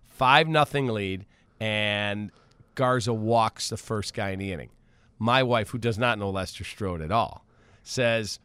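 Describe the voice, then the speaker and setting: Man, sports radio host, animated storyteller, casual talk, dry studio sound. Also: fairly low pitch, no room sound. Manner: animated storyteller, acts out quoted voices. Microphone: studio mic.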